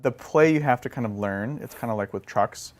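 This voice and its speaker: A man co-hosting a casual gaming podcast, answering listener questions and breaking into excited, laughing exclamations. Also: medium pitch, fairly quick. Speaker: podcast co-host.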